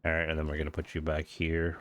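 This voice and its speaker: This gaming video host speaks at an extremely low pitch in a fast monotone with a slightly bright quality, his voice nasal and stuffy from hay fever. He gives casual gameplay commentary, rambling and thinking aloud with frequent restarts.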